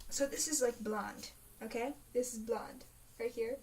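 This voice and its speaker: A woman's voice: fairly high pitch, fairly even intonation, unhurried, darkish tone. A teenage girl chatting in a casual video diary, rambling and dramatic, full of fillers. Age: teens. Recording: faint hiss, mic a bit distant.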